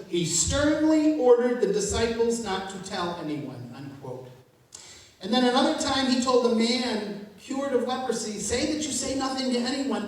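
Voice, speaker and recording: A woman's voice: a little high, darkish tone. Woman pastor, 50s, easygoing joking sermon, heard from far off in a very echoey church. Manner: conversational and humorous, with laughs. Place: church sanctuary. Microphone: distant room mic.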